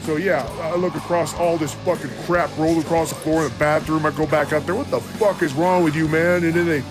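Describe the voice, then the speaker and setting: A man's voice: a little high, fairly even intonation, a little fast, over music. A man hosting a podcast, telling a rambling, profane story in blunt casual talk. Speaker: podcast host.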